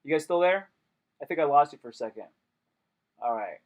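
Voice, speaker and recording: A man's voice: fairly high pitch, expressive, a little fast. A young man chatting casually on a live stream, joking and rambling with lots of slang.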